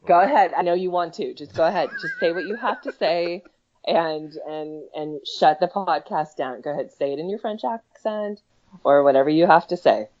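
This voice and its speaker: A woman's voice: lowish voice, moderate pace, a little mellow. A woman co-hosting a casual sports podcast, teasing and laughing with stumbling restarts. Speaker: podcast co-host. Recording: dull lo-fi sound.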